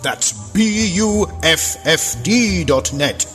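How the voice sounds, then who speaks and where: A man voicing a grandiose male news fairy who grants wishes in a comedy radio ad skit, making slow theatrical pronouncements. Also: sits high, animated, fairly bright tone, soft background music, exaggerated voice.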